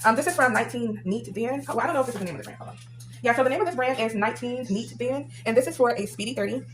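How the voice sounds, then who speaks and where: Excited chatty woman unboxing, quick talker. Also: fairly high pitch, a little hiss or hum, poor audio. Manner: chatty, excited, many fillers, says "y'all". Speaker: vlogger. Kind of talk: casual unboxing vlog.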